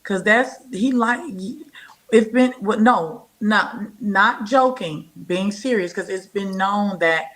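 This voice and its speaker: A woman's voice: medium pitch, slow, a bit bright. Blunt woman hosting a live chat. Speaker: live stream host.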